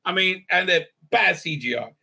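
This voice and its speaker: A man's voice: high voice, expressive, normal speed, vocal fry, sharp tone, slightly rough. A man giving an exasperated, sarcastic recap review, full of "uh" fillers. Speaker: YouTube reviewer. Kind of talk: ranting episode recap.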